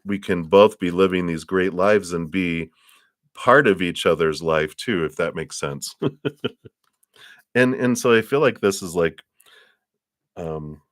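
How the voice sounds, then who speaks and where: A man's voice: low-pitched, a little slow, pauses often, no room sound, studio quality. A man doing a live tarot reading for a viewer, talking in a loose, encouraging way full of fillers and restarts. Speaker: tarot reader.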